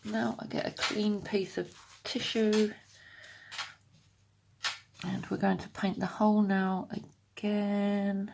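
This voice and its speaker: A woman's voice: medium pitch, flat delivery, slow, gravelly, long pauses, darkish tone. A woman giving a casual step-by-step nail tutorial from her home desk, chatty and explanatory, sometimes dropping into half-whispers. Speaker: nail art vlogger.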